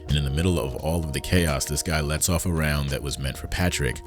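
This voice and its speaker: Male recap host, very low voice, laid-back commentary read over soft background music. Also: a little fast. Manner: casual, conversational, with asides. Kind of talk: scripted episode commentary.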